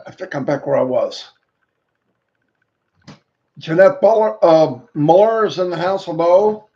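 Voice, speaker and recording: A man with a somewhat high, mellow voice welcomes viewers by name on a live stream, slow and unhurried. He drops playful sing-song call-outs and rhymes between names. The audio sounds dull and lo-fi. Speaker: host greeting viewers.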